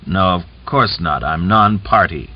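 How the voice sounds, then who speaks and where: A man's voice: sits low, measured pace. A man voicing a defiant, captured male Red Army soldier who answers scornfully. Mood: insistent. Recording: dull lo-fi audiobook recording.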